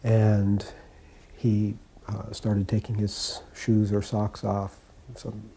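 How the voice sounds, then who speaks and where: A man calmly telling stories from his years as a devotee, recounting memories in an unhurried way. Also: fairly low pitch, a little hiss or hum. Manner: calm, unhurried anecdote telling. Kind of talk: reminiscing storytelling.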